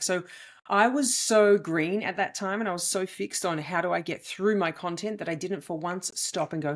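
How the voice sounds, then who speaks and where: A woman, a comedian and podcast host, telling a story in an animated, emphatic monologue with big swings in her voice. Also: lowish voice, fairly quick.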